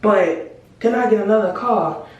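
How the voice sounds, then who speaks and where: A woman's voice: mid-range voice, measured pace, dull audio. A teenage girl tells a story straight to camera in blunt casual chat. She swears freely and slips into the other people's lines as she goes. The voice sits well back from the mic in a room with a lot of echo. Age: teens. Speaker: vlogger telling a story. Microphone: camera mic at a distance. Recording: very echoey room, far from mic.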